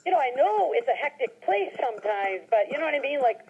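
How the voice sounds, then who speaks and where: A middle-aged woman with a husky, slightly high voice tells casual stories from her working life. She talks in a chatty way, laughs often, and slips into lively voices when she quotes people. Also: a little fast, muffled recording. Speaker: storyteller. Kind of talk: casual anecdote.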